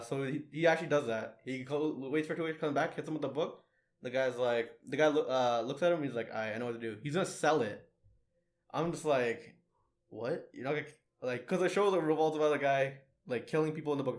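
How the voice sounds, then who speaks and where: Rambling young man retelling a plot. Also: mid-range voice. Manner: rambling, many fillers and restarts, acts out lines in quotes. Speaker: podcast co-host. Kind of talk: casual chat, retelling an anime plot.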